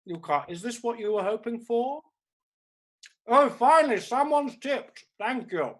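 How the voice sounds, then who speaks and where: A man playing a husky, grandiose aging diva. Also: high voice, fairly quick, a little mellow. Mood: melodramatic. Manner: camp and theatrical, calls everyone darling. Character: aging theatrical diva woman, grandiose and needy. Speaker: comedian. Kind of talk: live-streamed comedy character act.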